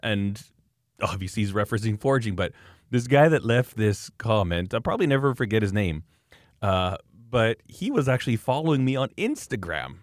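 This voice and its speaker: A low-voiced man from Canada rants on a casual podcast, animated and scornful as he mocks his critics. His voice is recorded close and dry, with no room sound. He talks like a knife maker swapping stories. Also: normal speed, no echo. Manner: animated, mocking, ranting.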